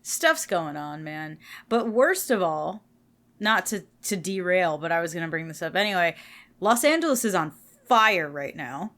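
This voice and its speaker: A woman co-hosting a podcast in casual chat, chatty and self-deprecating with quick asides, tired and yawning late in the week. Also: on the low side, lively intonation, a bit bright. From New Jersey. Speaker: podcast co-host.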